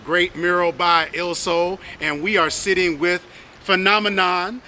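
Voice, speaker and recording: A man's voice: sits high, little pitch movement, a little slow, pushed and bright, slight background noise. A man hosting an on-location interview, thanking guests and asking questions in an appreciative way. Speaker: host.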